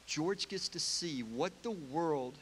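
A preacher giving a sermon, retelling a film story in an emotional, casual way. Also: male voice, fairly high pitch, expressive, takes it slowly, a little hiss or hum.

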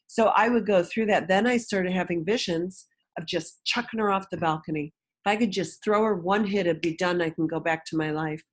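Low-voiced woman telling a candid story. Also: fairly quick. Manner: frank and emotional, acts out quoted voices. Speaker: interview guest.

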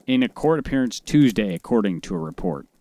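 A man's voice: on the low side, animated, a little fast, warm tone, no room sound. A man co-hosting a podcast, reading news stories aloud in casual chat, rambling with restarts and the odd swear, recorded outdoors. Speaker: podcast co-host. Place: outdoors by a forest.

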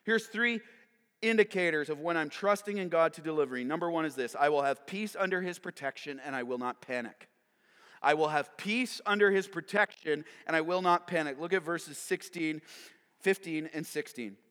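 Male pastor, high bright tone, dynamic animated sermon with long hall reverb. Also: moderate pace. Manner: dynamic preaching, dropping to whispers and rising to shouts; acts out characters in playful voices. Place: church sanctuary.

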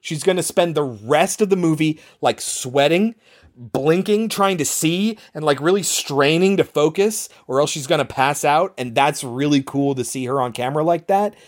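Podcast cohost rambling through a movie plot, animated, swears a bit, super casual. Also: medium pitch, normal speed. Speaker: podcast co-host. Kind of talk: casual movie recap chat.

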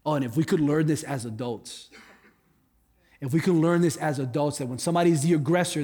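Male guest pastor, higher register, conversational sermon with jokes; long hall reverb, faint music under. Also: a little mellow. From Cuba. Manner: conversational, joking asides. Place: church hall.

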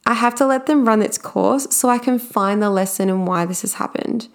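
A woman's voice: mid-range voice, normal speed. A young woman speaking casually and candidly about her own experience at work, with plenty of everyday fillers. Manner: chatty and candid, with frequent fillers. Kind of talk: casual personal storytelling.

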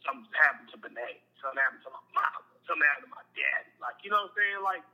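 A man's voice: fairly high pitch, lively intonation, rapid-fire, bright, forceful tone, rough recording. A man candidly telling a personal story in casual, slangy talk, often repeating himself. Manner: candid, emotional, repetitive, slangy.

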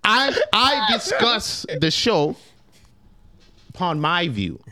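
A man's voice: on the high side, big pitch swings, normal speed, crowd noise. A man putting on an exaggerated mock Jamaican accent, hamming it up and laughing between words. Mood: hammy.

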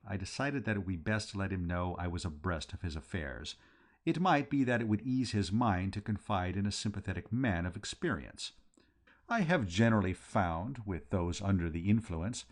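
A man reading a comic novel aloud in a wry, lively first-person narration. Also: lowish voice, moderate pace. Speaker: audiobook reader.

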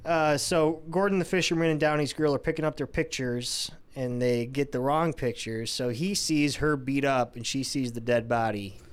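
A man's voice: mid-range voice, fairly even intonation, moderate pace, few pauses, clean tone. A man co-hosting a casual movie podcast, walking through the plot scene by scene in a crude, laid-back way. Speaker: podcast co-host. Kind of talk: casual movie recap chat.

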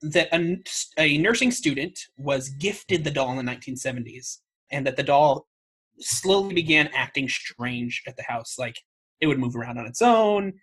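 A man's voice: mid-range voice, lively intonation, moderate pace, fairly bright tone, breathy edge. A man co-hosting a casual chat show, telling a story in a wry way, swearing freely and laughing at himself. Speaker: podcast co-host.

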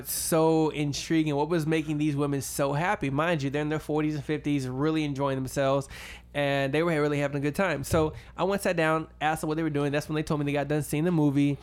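A young man telling a funny story in casual chat, acting out quotes and laughing often. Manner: animated, acts out quotes in high voices, laughs often.

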